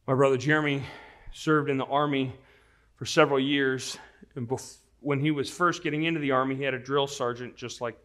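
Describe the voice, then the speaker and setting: A man's voice: medium pitch, fairly quick. Earnest man preaching a sermon. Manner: earnest, storytelling, prayerful then lively. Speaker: pastor.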